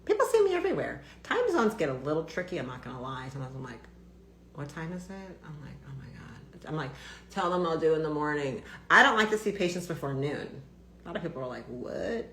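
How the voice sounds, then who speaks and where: Blunt low-voiced woman ranting on stream. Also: big pitch swings, fairly quick, fairly bright tone, roomy sound, a little hiss or hum. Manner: blunt, swearing, many fillers and restarts. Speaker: doctor hosting a live stream. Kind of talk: casual live-stream rant.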